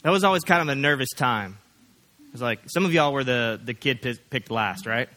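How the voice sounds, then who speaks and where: A pastor preaching a sermon in a folksy, rambling storytelling way, full of fillers and restarts. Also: male voice, medium pitch, brisk, sharp tone.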